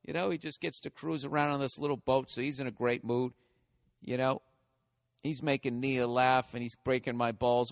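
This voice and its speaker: A man's voice: mid-range voice, flat delivery, a little fast, in a large hall. Profane rambling male comic. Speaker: podcast host and comedian. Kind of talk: solo comedic podcast monologue.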